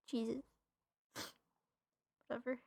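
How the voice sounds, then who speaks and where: A woman's voice: fairly high pitch, vocal fry, dark tone, breathy edge, no echo, studio quality. A young woman streamer reading a game's text aloud, then reacting with sarcastic, exasperated outbursts and swearing. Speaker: streamer playing a visual novel.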